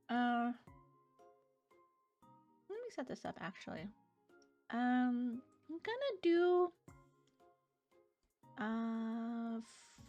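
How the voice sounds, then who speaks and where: A young woman streaming live, chatting casually with her viewers and reading out their messages between bursts of giggling. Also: high-pitched. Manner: chatty, reads chat aloud, giggly.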